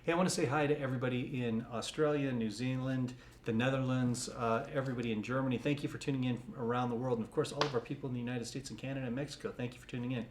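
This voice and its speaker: A man's voice: medium pitch, fairly even intonation, very fast, few pauses, noisy background. A man co-hosting a live stream of psychic readings, reading out viewers' questions and answering them reassuringly, with frequent small restarts. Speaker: psychic medium, co-host.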